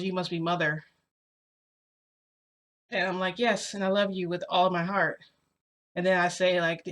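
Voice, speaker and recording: A young woman with a bright, forward voice spins a casual first-person story for her viewers. Her talk is loose and chatty, full of "like" and "you know," and she keeps turning to speak straight to the audience. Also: on the low side. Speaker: storytime vlogger.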